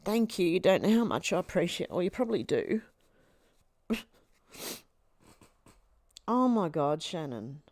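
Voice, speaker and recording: A woman's voice: fairly low pitch, big pitch swings, measured pace, pauses often, darkish tone, no room sound. An Australian woman hosting a casual livestream, reading out viewer comments in a chatty, affectionate way and laughing often. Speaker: livestream host.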